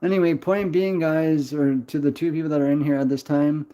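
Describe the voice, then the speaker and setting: A young man rambles and swears his way through a casual livestream while answering chat, his voice mellow and dark. The sound is dull and lo-fi, like streaming audio through a modest desktop mic. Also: on the high side, steady tone, fairly quick.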